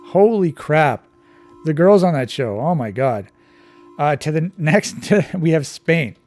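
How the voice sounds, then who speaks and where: A man's voice: on the high side, lively intonation, takes it slowly, darkish tone, soft background music. A man giving casual, digressive commentary while playing a map quiz, thinking aloud as he goes. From Canada. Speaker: quiz channel host.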